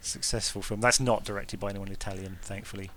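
A man's voice: fairly low pitch, fairly even intonation, quick pace, bright, forceful tone. A man co-hosting a casual podcast chat about films, talking in a chatty way and laughing easily. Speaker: podcast co-host. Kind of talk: casual film-discussion chat.

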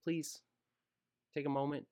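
A man's voice: fairly high pitch, little pitch movement, unhurried, dark tone. A man hosting a podcast, chatting loosely and joking through the sign-off. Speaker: podcast host. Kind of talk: casual podcast chat and outro.

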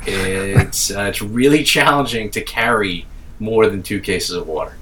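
A man's voice: lowish voice, a little slow, distant mic, noisy background. Rambling profane New man, off-mic. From Staten Island. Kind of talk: casual podcast chat.

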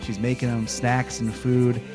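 Animated man recapping a show, music underneath. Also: mid-range voice, unhurried. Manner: joking, animated impressions of characters. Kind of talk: casual chat recapping a TV episode.

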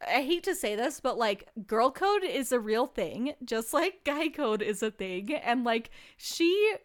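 A woman's voice: a little high, expressive, a little slow. Chatty young woman, casual recap. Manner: chatty, swears freely, lots of "like" and "um". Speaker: podcast co-host recapping a reality show. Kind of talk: casual chat.

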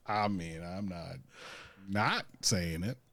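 A man's voice: sits low, takes it slowly, fairly bright tone, dry recording. A man co-hosting a podcast in casual pop culture chat, laid-back with dry humor. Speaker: podcast co-host.

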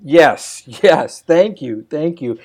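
Man, slightly high voice, slow rhythmic recital, upbeat. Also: lively intonation. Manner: slow rhythmic line-by-line recitation, laughs easily. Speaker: poet demonstrating poetry sessions. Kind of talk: warm guided demonstration. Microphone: remote call.

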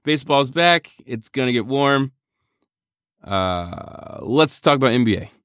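A man's voice: medium pitch, expressive, measured pace, a bit bright, clear, resonant tone, dry recording, clean studio sound. A man co-hosting a casual sports podcast, wry and joking, with conspiratorial asides. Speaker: podcast co-host.

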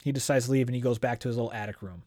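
A man's voice: mid-range voice, rapid-fire, no echo, studio quality. Chatty man summarizing a book. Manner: excitable, chatty, uses "dude" and "like". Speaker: podcast host. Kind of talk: casual book discussion and reading aloud.

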